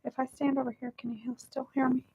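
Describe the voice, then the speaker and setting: A woman's voice: sits high, level tone, a little fast, noisy background. Chatty woman streaming from her kitchen. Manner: chatty, self-deprecating, fiddling with her mic. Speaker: host of a live cooking stream. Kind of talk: casual live-stream chat. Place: home kitchen. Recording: warbly, staticky live-stream audio.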